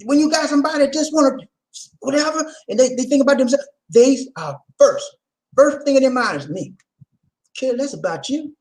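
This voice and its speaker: A man hosting a vlog, talking casually to his viewers in an animated, laughing, rhetorical way, repeating his points often. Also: extremely high pitch, a little fast, low-quality recording. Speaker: vlog host.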